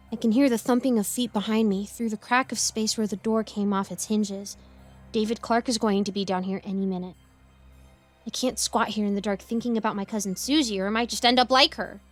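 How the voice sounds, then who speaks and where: A woman narrates a first-person horror story in a playful, girlish way, breaking into yelps and giggles. Her voice sits on the high side and moves quickly between nervous chatter and hushed asides. Soft music plays faintly underneath.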